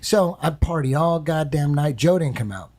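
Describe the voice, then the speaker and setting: A man casually telling an animated, profane story on a podcast, acting out voices and sounds. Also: on the high side, moderate pace. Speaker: guest storyteller.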